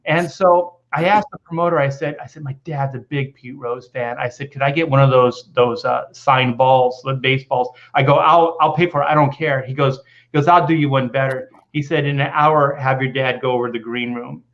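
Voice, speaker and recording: A man's voice: mid-range voice, steady tone, a little fast, few pauses, a bit bright, lo-fi sound. A man telling a long personal story on a video call, rambling with many restarts and false starts. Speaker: comic book artist guest. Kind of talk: casual video call chat.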